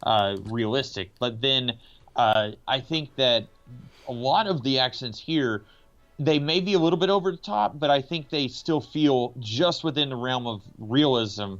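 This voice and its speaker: A man's voice: mid-range voice, unhurried, fairly bright tone, faint music behind. A podcast co-host from the American South talks through a film in a casual, meandering way. He hesitates often and leans on filler words. The recording sounds a little dull and lo-fi. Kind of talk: casual movie discussion.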